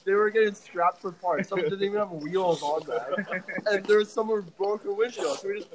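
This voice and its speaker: A man's voice: high voice, normal speed, rough recording. A young man, a guest on a podcast, chiming in with blunt, joking remarks in casual chat.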